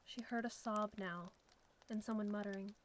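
A woman narrating a suspenseful story in a steady storytelling manner. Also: mid-range voice, moderate pace, slight background noise, rough recording.

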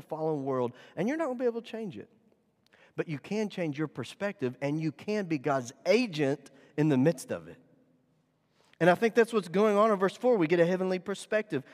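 A man preaching a sermon, animated and rising and falling for emphasis, in a church sanctuary. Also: high voice. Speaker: pastor. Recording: long hall reverb.

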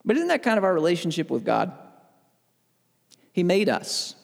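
Brief: man in his thirties, Bible-teaching podcast host, slightly high voice with lively swings, long reverb on the recording. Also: moderate pace, vocal fry, long pauses. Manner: animated storyteller who gets worked up. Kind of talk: conversational Bible teaching with personal stories.

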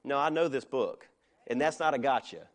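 A man's voice: mid-range voice, moderate pace. A middle-aged male pastor preaching a sermon in a conversational way, with joking asides.

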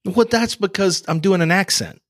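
A man's voice: high-pitched, moderate pace, noisy background. A man hosting a podcast, chatting casually with teasing, rambling banter. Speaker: podcast host. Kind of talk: casual chat.

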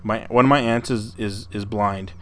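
A man's voice: fairly low pitch, fairly even intonation, normal speed. A man hosting a podcast, telling a story in a rambling, casual way, stumbling over and repeating his words and swearing freely. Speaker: podcast host.

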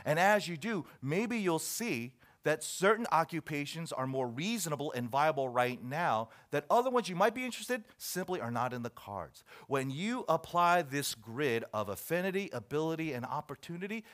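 A man's voice: on the high side, lively intonation, normal speed, hardly any pauses, fairly bright tone. A man preaching a sermon, reading a list aloud and joking with his listeners. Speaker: pastor.

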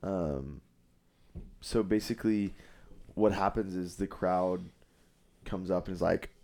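Low-voiced man retelling a movie scene. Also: slow pace, creaky. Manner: animated retelling with frequent laughter. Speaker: podcast co-host. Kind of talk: casual movie-discussion chat.

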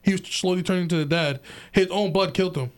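A man's voice: sits high, quick pace. A man co-hosting a casual podcast chat, rambling through a recap with repeated words and quoted lines. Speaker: podcast co-host.

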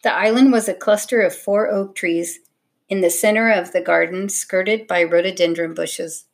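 Lady reading a kids' chapter book aloud, gravelly edge to her voice. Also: mid-range voice, fairly even intonation, normal speed. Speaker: narrator. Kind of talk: storybook narration.

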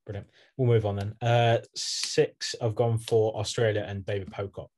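A young man co-hosting a casual sports podcast, dry and brisk, moving the list along. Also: fairly low pitch, level tone, noisy background. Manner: dry, brisk, moves things on. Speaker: podcast co-host. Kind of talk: casual chat.

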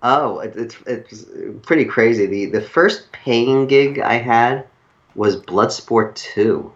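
A middle-aged man from New York with a New York accent, a guest telling long stories in a rambling, halting way that keeps correcting itself. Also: medium pitch, muffled recording. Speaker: guest screenwriter. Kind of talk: casual interview storytelling.

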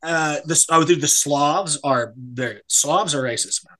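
Speaking at a measured pace in a slightly high, bright and forceful voice, a young American currently serving in the Foreign Legion is interviewed as a guest on a casual podcast. The recording is rough; he's blunt and profane, rambling with plenty of fillers.

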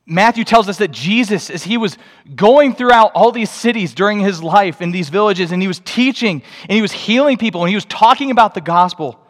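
A young man preaching a sermon, telling a story with animated energy that jumps into excited outbursts. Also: high voice, a little fast. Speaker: pastor. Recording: long reverb of a large hall.

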